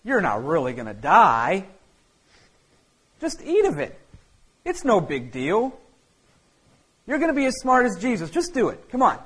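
A man's voice: sits high, huge pitch swings, a little slow, pauses often, a bit bright, breathy edge, heavily acted. A coaxing serpent voiced by a man in a sermon needles and wheedles, pushing again and again. It is the tempter of a pulpit storyteller, insistent and sly. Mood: pushy.

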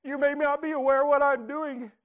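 A man quoting the gentle, still small voice of God in a soft, quiet way. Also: extremely high pitch, flat delivery, moderate pace, narrow, tinny audio, pitched above the performer's own voice. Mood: tender.

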